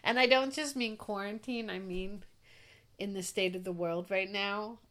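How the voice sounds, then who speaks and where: A woman in her forties co-hosting a casual movie review podcast, chatty and animated, with frequent "like" fillers. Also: mid-range voice, moderate pace. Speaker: podcast co-host.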